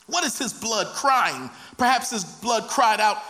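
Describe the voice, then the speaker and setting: A man's voice: very high voice, lively intonation, unhurried, hardly any pauses, pushed and bright. A man preaching a sermon, reading scripture and rising into impassioned, dramatic cries.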